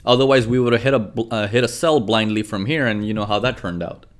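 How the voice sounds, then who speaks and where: Fast-talking and fairly low-pitched, this trading instructor runs a live chart lesson with lots of energy. Frequent "okay"s and "right"s punctuate his speech as he plays out traders' inner thoughts.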